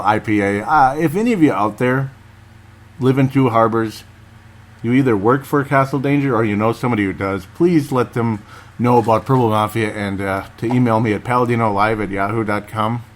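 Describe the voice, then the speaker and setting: A man hosting a casual solo podcast, rambling and chatty, laughing often and talking straight to his listeners. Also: fairly low pitch. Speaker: podcast host.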